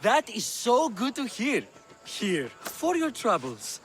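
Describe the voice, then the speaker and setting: An actor playing an excitable, theatrical male playwright. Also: very high voice, takes it slowly, full character voice. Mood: excited.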